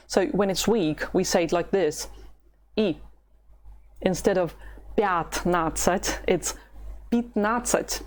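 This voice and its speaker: A woman from Russia with a Russian accent, a patient language teacher who models words slowly for the listener to repeat. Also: on the low side, darkish tone. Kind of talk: slow language lesson with repetition drills.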